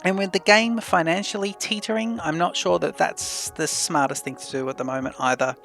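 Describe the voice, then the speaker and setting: A man with a gravelly, slightly high voice talks through his game, thinking aloud in an unhurried, chatty way. He speaks close to a desk mic. Faint music plays under him. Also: fairly bright tone. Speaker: let's play host. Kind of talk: casual gameplay commentary.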